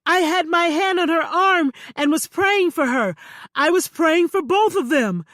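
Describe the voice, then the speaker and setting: A woman voicing a self-righteous male faith healer who stammers and insists loudly on his innocence. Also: extremely high pitch, animated, measured pace, dry recording, studio quality, pitched above the performer's own voice, exaggerated voice. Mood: defensive, pleading.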